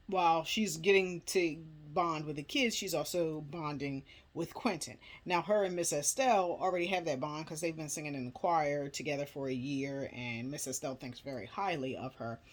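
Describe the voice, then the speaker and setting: A woman casually retelling a film's plot in a chatty, rambling way, full of filler words. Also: sits low. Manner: chatty, rambling, many "you know" fillers. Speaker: movie recap vlogger. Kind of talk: casual movie plot recap.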